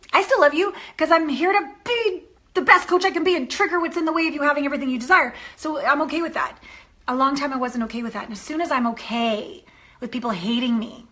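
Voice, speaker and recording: A woman dating coach giving an animated coaching talk to a course member, acting out the voices in her stories. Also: high-pitched.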